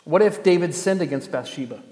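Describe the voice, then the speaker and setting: A man's voice: fairly high pitch, expressive, a little fast, warm tone. A man preaching a sermon as pastor, earnest, with pointed rhetorical questions and a touch of dry sarcasm. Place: church gathering space. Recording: echoey hall, long reverb.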